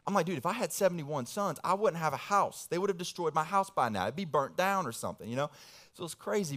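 A young man, a pastor, giving a casual, animated sermon full of slang and family stories. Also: high-pitched.

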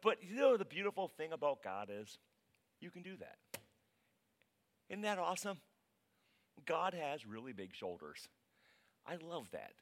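A man preaching a casual, conversational sermon as pastor, dramatic and animated. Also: medium pitch.

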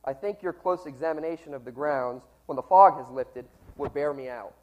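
A sick preacher reading as a sharp-witted detective. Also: male voice, mid-range voice, normal speed, lightly acted, rough recording. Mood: coolly confident.

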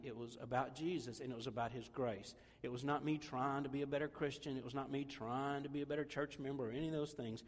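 A man's voice: mid-range voice, darkish tone, big-room sound. A man preaching a sermon as pastor, conversational and self-deprecating, joking with the congregation.

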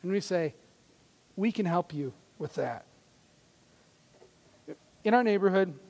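A high-pitched man delivers a sermon in an earnest, conversational way, stumbling and restarting now and then. His voice carries a long reverb from a church sanctuary. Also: a little mellow. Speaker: pastor.

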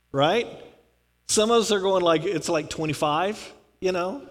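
High-voiced man preaching in a reverberant hall. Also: slow pace. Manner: conversational preaching with humor, acts out quoted prayers. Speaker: pastor. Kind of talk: sermon.

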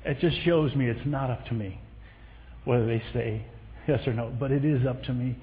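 A man preaching a sermon, telling a story with lively acted quotes. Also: medium pitch, normal speed. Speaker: pastor. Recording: echoey hall sound over a tinny thin line.

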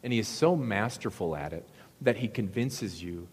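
Brief: man preacher, conversational sermon, lowish voice, echoey hall sound. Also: lively intonation, normal speed, breathy edge. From Wisconsin, US. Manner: conversational storytelling, asks the audience questions. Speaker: pastor.

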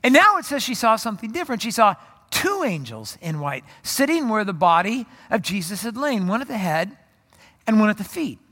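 A male pastor with a high, bright voice preaches a sermon. He tells the story in a lively way and throws in joking asides. His voice rings out in a long hall reverb. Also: fairly quick.

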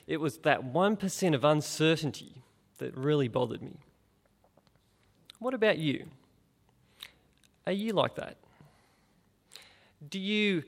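A middle-aged man gives an informal gospel talk, speaking conversationally and asking his listeners direct questions. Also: on the high side. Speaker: preacher.

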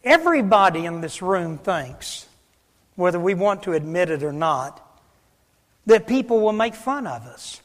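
High-voiced impassioned preacher in a reverberant hall. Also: male voice, very animated, measured pace. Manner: impassioned preaching, sweeping from loud declaration to hushed near-whisper. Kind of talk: sermon. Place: church sanctuary.

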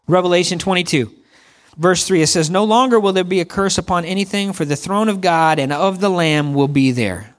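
A man's voice: sits high, lively intonation, normal speed. A middle-aged man preaching a conversational sermon, calling on the congregation to respond to him. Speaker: pastor.

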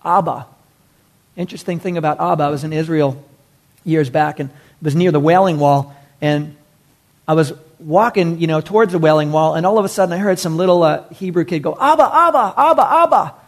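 A male pastor with a notably high voice delivers a sermon. He preaches in an animated way, building phrases up with force, then dropping almost to a whisper on key words. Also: a little fast. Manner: animated preaching with big pitch swings and hushed drops.

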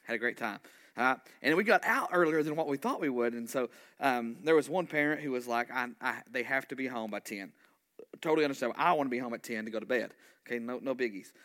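A man, a pastor telling a story in a sermon, animated and conversational, full of asides. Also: mid-range voice, fast.

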